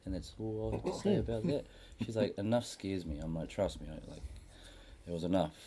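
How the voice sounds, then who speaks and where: A man's voice: sits low, fairly quick, slight background noise. A middle-aged man, hosting a podcast in casual chat and telling stories by acting out what people said. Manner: animated storyteller acting out quotes, swearing. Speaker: podcast host.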